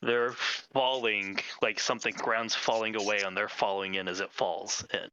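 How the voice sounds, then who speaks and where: A man's voice: fairly low pitch, little pitch movement, moderate pace, bright, forceful tone, smooth, no room sound, highs cut off. A man running a tabletop game as game master, describing scenes and calling for dice rolls.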